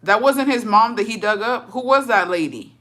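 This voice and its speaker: A woman's voice: fairly high pitch, lively intonation, normal speed, pushed and bright. A woman streamer in casual chat with viewers, telling a story in slang full of swearing and laughter, dropping in words.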